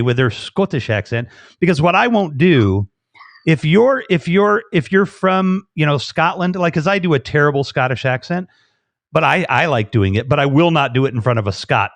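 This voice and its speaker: A man's voice: medium pitch, animated, normal speed, no room sound. A man hosting a live online interview, enthusiastic and rambling, joking with his guest. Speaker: host. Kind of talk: casual live interview chat. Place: video call.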